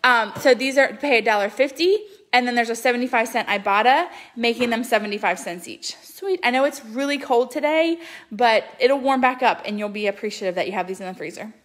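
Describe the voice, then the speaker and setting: A woman's voice: fairly high pitch, a little fast, a bit bright. A woman, chatting casually and upbeat through a shopping haul with plenty of ums. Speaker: couponing vlogger.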